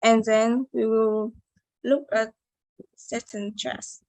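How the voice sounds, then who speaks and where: Presenting to her class on word stress, a young woman from Vietnam reads slowly and carefully, hesitating and restarting at times. Her voice is fairly high, a little mellow, and fairly flat in pitch, heard in a dry, rough recording.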